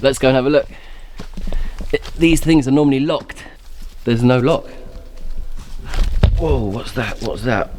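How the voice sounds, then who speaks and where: A man giving chatty, excitable commentary to camera as he explores woodland outdoors. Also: medium pitch. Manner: chatty, excitable, talks to himself while exploring. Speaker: bushcraft vlogger.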